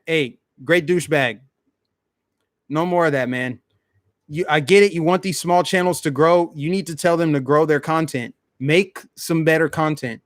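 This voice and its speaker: A man's voice: a little high, a bit bright, no echo. Man, live-stream host, blunt casual rant, dry sound. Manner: blunt, ranting, talks straight to chat. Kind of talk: casual livestream commentary.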